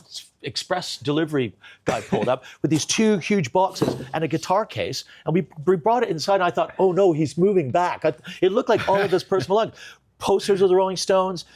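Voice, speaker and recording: A man telling a long comic story in a kitchen chat, animated, full of restarts and bursts of laughter. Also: sits high, a little fast. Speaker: comedian guest.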